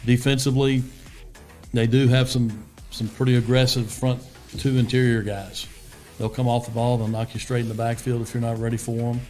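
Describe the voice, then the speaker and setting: A man, a head football coach answering interview questions in a steady, plainspoken way, full of fillers and restarts. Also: medium pitch, normal speed, faint music behind.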